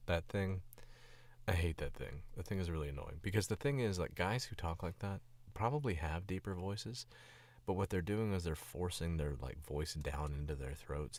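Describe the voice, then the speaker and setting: A man's voice: extremely low pitch, fairly quick, darkish tone. A young man and voice actor chatting casually on stream while editing his own audio, rambling and self-critical, into a studio mic.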